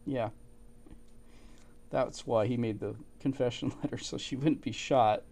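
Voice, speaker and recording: A man giving casual, halting commentary while reading through old documents. He thinks aloud, restarts often and chuckles to himself. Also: medium pitch, fairly even intonation, creaky, a little mellow, slight background noise. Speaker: channel host.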